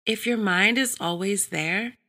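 A woman's voice: mid-range voice, unhurried, sharp tone. A woman voicing an arrogant, bullying male office boss who snaps and sneers at his staff. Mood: scolding. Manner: snapping, sneering.

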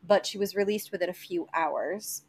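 A woman's voice: lowish voice, moderate pace, slightly rough. A woman hosting a podcast, telling a history story in casual chat, with many fillers, restarts and some swearing. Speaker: podcast host presenting history.

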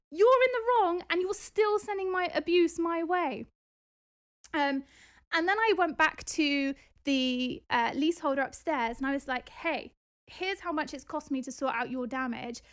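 A woman hosting a podcast, retelling a dispute in a casual, animated, indignant way with exasperated outbursts. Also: high voice, measured pace. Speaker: podcast host and property investor.

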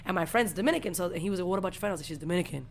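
A woman's voice: on the low side, rapid-fire, creaky, a little hiss or hum. A young woman in her twenties, co-hosting a podcast, telling a story in casual, profane slang. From Puerto Rican family. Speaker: podcast co-host.

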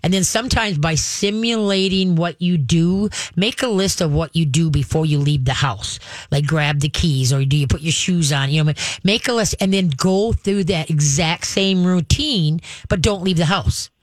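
A woman's voice: on the low side, normal speed, no echo. A woman hosting a radio call-in show as a dog trainer, giving casual, chatty advice, laughing often and acting out what the dog is thinking.

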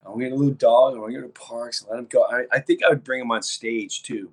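A man hosting a podcast in casual chat, talking in a low-key, subdued way with a sore, worn-out throat. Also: steady tone, fast talker. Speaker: podcast host.

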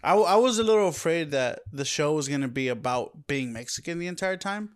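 Man, slightly higher voice, casual chat, laughing storyteller. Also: lively intonation, fairly quick, a little hiss or hum.

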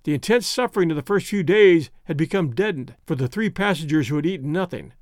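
Man narrating a novel, high voice. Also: no echo, clean studio sound. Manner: steady, measured storytelling. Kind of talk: audiobook narration.

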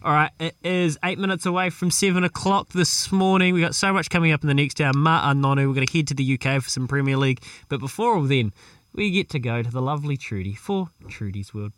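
A man co-hosts a morning radio show, relaxed and chatty as he runs through what's coming up. The studio sound is dry and close. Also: on the high side, fast, no echo. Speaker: radio co-host.

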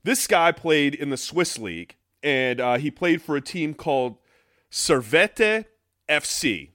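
A man's voice: a little high, animated, slow pace, fairly bright tone, dry recording, clean studio sound. A man co-hosting a casual podcast chat, telling stories with frequent laughter and some casual swearing. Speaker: podcast co-host.

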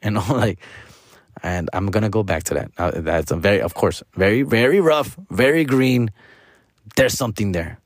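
A man's voice: fairly low pitch, lively intonation, normal speed, dry recording, clean studio sound. A man in his forties, a stand-up comedian, talking in a loose, rambling way, full of profanity and slang, with a few Spanish phrases mixed in. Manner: loose, rambling, loses his train of thought. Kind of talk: casual rambling monologue.

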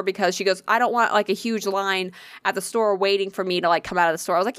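An excitable young woman tells a casual story, swearing freely and acting out the voices of everyone in it. Her pitch sits in the middle of the range. The recording is dry and close, with no room sound. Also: fast talker, hardly any pauses, no room sound. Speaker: convention volunteer telling a story.

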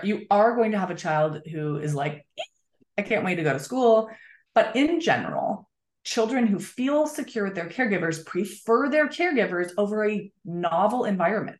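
A woman's voice: mid-range voice, animated, moderate pace. A woman guest author talking in a conversational interview, explaining earnestly with frequent fillers. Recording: roomy echo.

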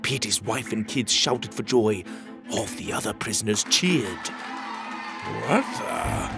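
A man narrating a children's storybook in an animated, expressive way. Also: on the low side, measured pace, music in the background.

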